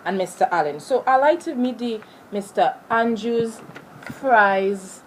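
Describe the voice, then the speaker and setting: A woman's voice: fairly high pitch, unhurried, slight background noise. A woman interviewing for a school project, reading out set questions.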